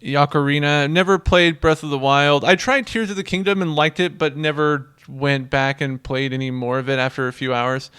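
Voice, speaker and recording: A man co-hosting a casual gaming podcast, hesitant with deadpan jokes. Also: fairly high pitch, normal speed, few pauses, clean tone, no echo, studio quality. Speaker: podcast co-host.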